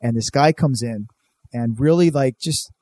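A man's voice: mid-range voice, unhurried, darkish tone. A young man from California, telling a rambling, profane story in casual chat and saying "dude" a lot.

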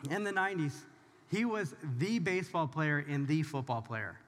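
A man's voice: fairly high pitch, animated, moderate pace, fairly bright tone, slight background noise. A man preaching a conversational sermon as pastor, talking straight to the audience in an informal, emphatic way. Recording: long hall reverb.

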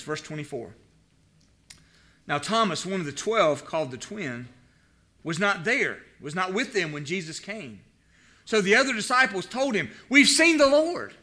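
A male pastor preaching from the pulpit, his voice pitched high for a man. The tone is bright and ringing. He reads scripture aloud and keeps turning to his listeners with questions. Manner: preaching with rhetorical questions to the congregation. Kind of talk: sermon with scripture reading.

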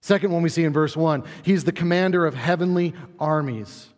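A man preaching a sermon to his congregation, earnest, speeding up and then dropping low and quiet to drive points home. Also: fairly quick. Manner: earnest, varies pace and volume, drops low for emphasis. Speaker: pastor. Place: church sanctuary. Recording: long hall reverb.

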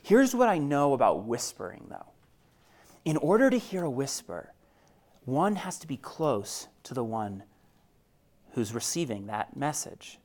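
Expressive male pastor dropping to hushed tones. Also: mid-range voice, measured pace, pauses often. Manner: expressive, swings from loud emphasis to hushed near-whisper; conversational asides to listeners. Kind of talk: sermon.

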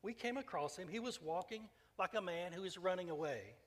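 A matter-of-fact policeman reporting what happened, as read by a man. The voice sits slightly high. It echoes in a long reverberant hall. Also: expressive, fairly quick. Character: plain-spoken male policeman reporting an arrest.

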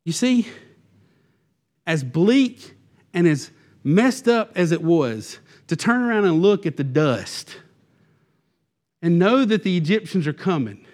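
Animated high-voiced pastor preaching. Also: male voice, takes it slowly, pauses often. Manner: animated, acts out the Israelites' complaints in quoted voices. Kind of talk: sermon.

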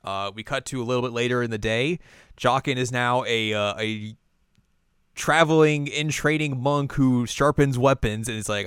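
A young man co-hosting a podcast, chatting casually and retelling scenes with quick acted quotes. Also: mid-range voice, a bit bright, clean tone, no room sound, studio quality. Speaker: podcast co-host. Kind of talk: casual recap chat.

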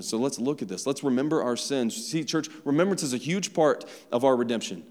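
Young preacher in a reverberant hall. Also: male voice, mid-range voice, lively intonation, brisk, few pauses, a little mellow. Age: young adult. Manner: conversational preaching with frequent "right?" and "like". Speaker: pastor. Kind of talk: sermon. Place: church sanctuary. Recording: long reverb of a large hall.

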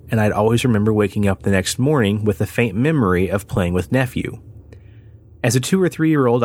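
A man co-hosting a paranormal podcast, reading a listener's story aloud and then joking and swearing casually with his co-host. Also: on the low side. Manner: casual, swearing, laughs often.

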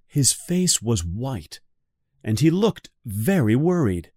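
Slow, expressive male storyteller. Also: medium pitch, dry recording, studio quality. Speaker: reader of a graded story for learners. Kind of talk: slow guided story reading.

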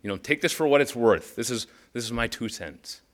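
A man's voice: mid-range voice, animated, a little fast. A man teaching as a pastor in a casual devotional style, conversational with urgent emphatic bursts when he reads Scripture.

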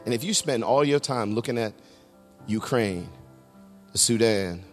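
A middle-aged man preaching a sermon as pastor, swinging between loud shouts and hushed low tones. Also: expressive, measured pace, in a large hall, faint music behind. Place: large church sanctuary.

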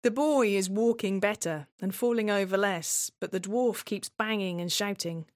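A woman's voice: mid-range voice, normal speed, dry recording, studio quality. A woman performing a scripted dramatic monologue in a tense, wary, obsessive way. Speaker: playwright and solo performer.

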